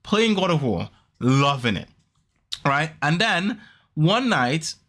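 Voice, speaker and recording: Fast, rambling male podcast host. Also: a little high. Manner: rambling, animated, fast with restarts and repeats. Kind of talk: casual storytelling chat.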